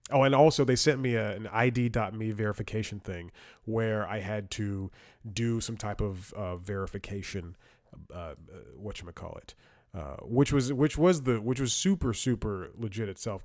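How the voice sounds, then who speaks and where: A man with a fairly low voice talks through a comic monologue, circling back and restarting his sentences as he goes. He throws in mocking, sarcastic asides. The sound is dry and close, with no room echo. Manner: rambling storytelling with frequent restarts and laughs. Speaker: comedy podcast host. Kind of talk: casual comedic monologue.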